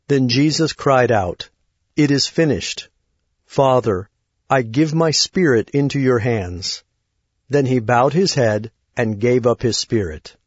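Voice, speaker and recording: Husky man reading a Bible story. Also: mid-range voice, a little mellow, dry recording. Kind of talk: scripted Bible story narration. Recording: dull lo-fi recording.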